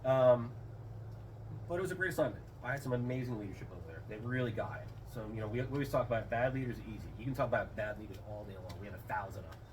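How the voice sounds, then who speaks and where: Speaking very fast in a lowish voice, this middle-aged former airman tells rambling stories as an interview guest, acting out quotes in a raised voice. It's casual storytelling, picked up by a slightly distant mic with a little room noise.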